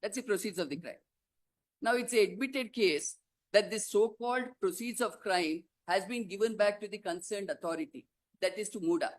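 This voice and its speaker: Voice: medium pitch, moderate pace. An advocate making a formal courtroom argument, pressing rhetorical questions and repeatedly addressing the bench as "my lords".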